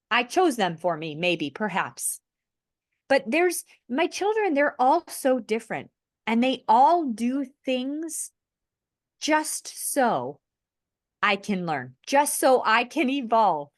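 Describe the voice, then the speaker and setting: Earnest woman, higher voice, dry mic. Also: dry recording. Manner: earnest, heartfelt spiritual talk with restarts. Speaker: podcast host. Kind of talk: conversational podcast sharing.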